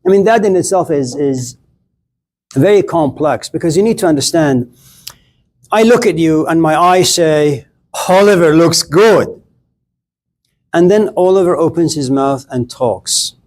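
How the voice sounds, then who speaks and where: A man's voice: on the high side, animated, moderate pace, a little mellow. A middle-aged man giving a casual, blunt classroom lecture on philosophy, chatting straight at his students and acting out little scenes.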